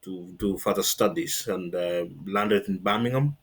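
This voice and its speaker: A middle-aged man from Kenya talking as an interview guest, telling stories in a relaxed way with many fillers. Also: low-pitched, unhurried, breathy edge. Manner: relaxed storytelling with frequent fillers and laughs. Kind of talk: casual interview chat.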